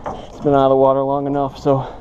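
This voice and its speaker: A man doing fishing vlog commentary outdoors from a boat, excitable and repeating his exclamations. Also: medium pitch, fast talker, muffled recording, a little hiss or hum. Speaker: fishing vlogger.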